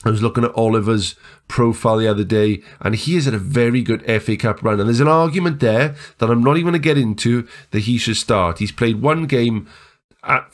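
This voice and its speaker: A man commentating his own football management game, chatty and building to excited shouts at the screen. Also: lowish voice. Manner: excitable, yelling at the screen during big moments. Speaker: gaming YouTuber.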